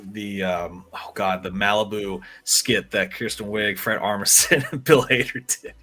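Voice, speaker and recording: A man's voice: on the low side, steady tone, a little slow, sharp tone. A man hosting a podcast in casual chat, rambling and laughing often. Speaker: podcast host.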